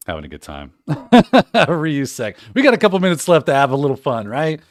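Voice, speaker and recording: A man's voice: mid-range voice, huge pitch swings, fairly quick, dry recording, studio quality. A man hosting a livestream in casual chat, reading out viewer comments, joking and laughing often. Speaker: livestream host.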